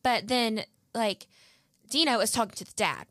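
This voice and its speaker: Young woman cohosting a podcast, bit higher voice, super animated storytelling, dry mic. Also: moderate pace, dry recording. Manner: animated storyteller, acts out quotes, laughs often. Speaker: podcast co-host. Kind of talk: casual chat, storytelling.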